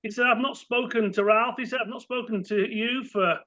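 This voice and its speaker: A middle-aged English man with an English accent and a high, bright voice tells lively stories and acts out the people in them. The recording sounds dull and lo-fi. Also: fairly quick. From England. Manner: animated anecdotes, acting out quoted voices. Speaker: guest. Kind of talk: casual storytelling.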